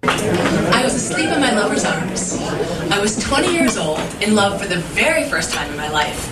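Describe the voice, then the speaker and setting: A woman's voice: medium pitch, very animated, normal speed, a loud crowd. A young woman telling an earnest, emotional personal story on a stage, heard from a distance. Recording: roomy live recording from far off, audible noise.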